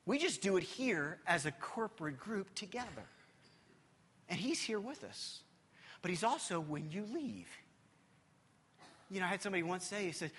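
A man preaching in a church, with a bright, husky voice that carries a long reverb through the hall. He talks emphatically and swings between loud passages and hushed ones, repeating words as he goes. His high pitch leaps around a great deal. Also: animated, normal speed, long pauses. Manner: repeats words while gathering his thoughts. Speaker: pastor. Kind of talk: sermon.

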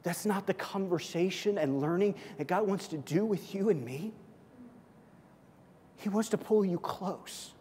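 A man preaching a sermon in a church, his fairly high voice trailing into a long reverb. He builds to loud, emphatic peaks and then drops into a soft near-whisper. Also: measured pace, slight background noise. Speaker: pastor. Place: church sanctuary.

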